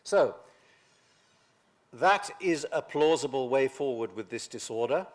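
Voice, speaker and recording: An older man giving a science lecture, halting, with many pauses and restarts. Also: mid-range voice, animated. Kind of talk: academic lecture.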